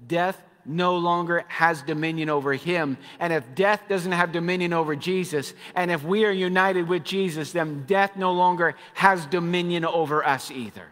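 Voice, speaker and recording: A man preaching a sermon as pastor, fervent, rising loud and then dropping soft and low. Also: normal speed, few pauses. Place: church sanctuary. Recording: long reverb of a church hall.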